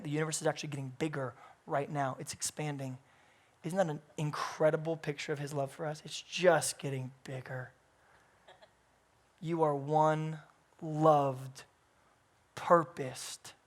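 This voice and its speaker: Impassioned man preaching a sermon. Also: on the high side. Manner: swings between hushed, intimate passages and loud, emphatic climaxes. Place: church.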